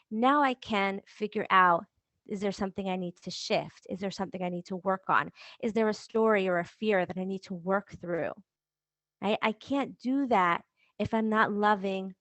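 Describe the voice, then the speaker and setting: A woman's voice: medium pitch, no echo. A woman coach hosting a podcast, talking her listeners through self-compassion in a conversational way full of rhetorical questions. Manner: warm conversational, rhetorical questions, laughs lightly. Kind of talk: motivational talk to listeners.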